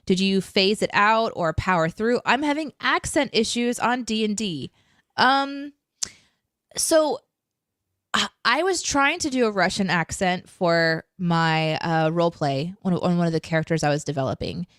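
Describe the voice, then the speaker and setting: A woman's voice: medium pitch, expressive, measured pace, a bit bright, no room sound, studio quality. A woman co-hosting a casual live chat show, chatty and self-deprecating, laughing often. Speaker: co-host.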